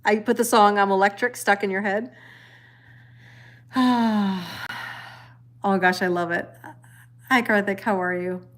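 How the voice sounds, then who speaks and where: A woman's voice: medium pitch, fairly even intonation, takes it slowly, long pauses, fairly bright tone. A middle-aged woman hosting a casual tarot live stream at home, chatting and greeting viewers by name, laughing often. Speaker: tarot reader livestream host.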